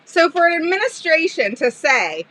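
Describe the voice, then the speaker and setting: A woman special education advocate chatting on a live stream, telling an animated, sarcastic story with frequent laughter. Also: mid-range voice, a little slow, no room sound, poor audio. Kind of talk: casual live-stream chat.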